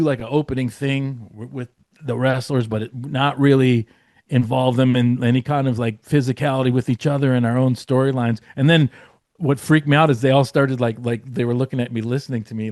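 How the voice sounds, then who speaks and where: A man spins a loose, rambling backstage story, stuffed with "like" and "you know" and the odd curse. His voice sits at an ordinary middle pitch. The recording is dry and close, with no room sound. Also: fairly even intonation, fairly quick, darkish tone, no room sound. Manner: rambling, many fillers and restarts, swearing. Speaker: guest writer. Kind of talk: casual storytelling.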